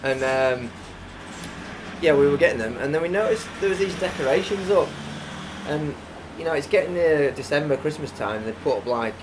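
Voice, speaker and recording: A man's voice: a little high, animated, normal speed, noisy background. A young man co-hosting a podcast, telling stories playfully and laughing often. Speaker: podcast co-host. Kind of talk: casual chat.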